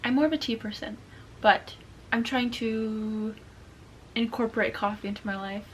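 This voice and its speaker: A woman's voice: fairly high pitch, fairly even intonation, normal speed, poor audio. A young woman vlogging in a casual, chatty way, gushing and emotional as she talks to her viewers. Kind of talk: casual chat to camera.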